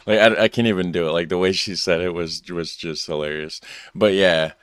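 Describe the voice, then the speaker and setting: A man's voice: low-pitched, steady tone, brisk, a bit bright, no echo. An American man hosting a reaction video, rambling in a laid-back, chuckling way. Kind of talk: casual commentary.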